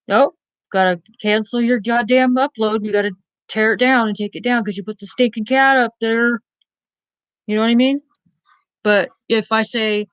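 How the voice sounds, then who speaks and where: A woman vlogger rambles to her camera in a blunt, profane rant, often checking in with "you know what I mean?" Her voice sits at a middling pitch. The recording is dry, with a slightly muffled, lo-fi sound. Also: steady tone, fairly quick, no echo.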